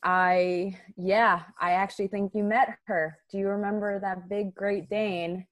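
A woman telling her story as a guest in a casual interview, chatty and lively, with plenty of fillers. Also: mid-range voice, measured pace. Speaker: guest, dog business owner.

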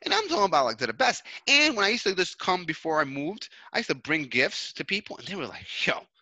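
A man from New York City chats with a bright, forceful tone and a voice that leaps up and down as he tells his stories. He talks loosely, full of fillers, restarts and casual swearing, and the sound is dry and close. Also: sits high, quick pace, no room sound, rough recording. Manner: animated storytelling, swearing, many fillers and restarts. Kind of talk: casual chat.

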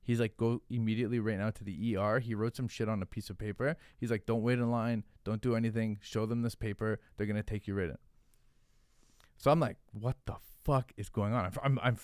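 Man, low voice, casual profane storytelling, lots of "like", dry recording. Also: steady tone, a little fast, darkish tone, clear, resonant tone, dry recording. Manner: profane, rambling, heavy use of "like". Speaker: podcast guest, hot sauce founder.

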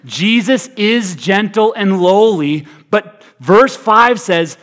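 Male preacher with a high voice, humorous and energetic, moving from big hype to near-hush; in a large auditorium. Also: takes it slowly, few pauses. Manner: energetic and humorous, swinging from loud hype to hushed, quiet delivery. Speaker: pastor. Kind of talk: sermon. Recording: reverberant hall.

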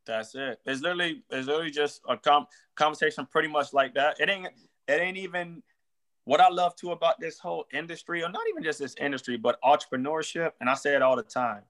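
A man's voice: fairly high pitch, quick pace, a bit bright. A man, a real estate wholesaler, chatting casually on a podcast in loose slang and acting out sample phone calls.

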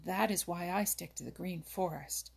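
A woman's voice: fairly low pitch, normal speed, heavily acted. A woman reading a storybook voices Jumper, a timid and shy male hare who answers hesitantly. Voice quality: husky.

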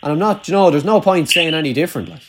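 This young Irishman talks fast in a fairly high, animated voice against background noise. His casual chat, in a rural accent, rambles with lots of "like" and free swearing.

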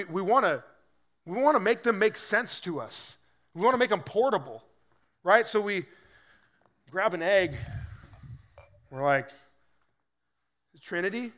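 Guy preaching a sermon, kinda high voice, super animated and chatty. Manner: animated, conversational preaching with quoted asides. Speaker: pastor.

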